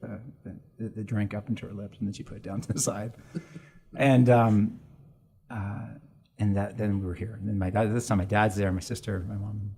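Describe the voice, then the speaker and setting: Husky-voiced priest telling a family story. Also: male voice, fairly low pitch, flat delivery, mellow. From Canada. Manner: emotional, halting storytelling with laughter. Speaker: priest guest. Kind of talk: personal storytelling interview.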